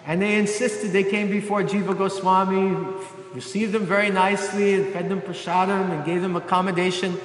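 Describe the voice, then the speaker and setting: A male preacher telling a devotional story in an animated way, acting out the quotes. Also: high voice, moderate pace. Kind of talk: storytelling sermon. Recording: echoey hall.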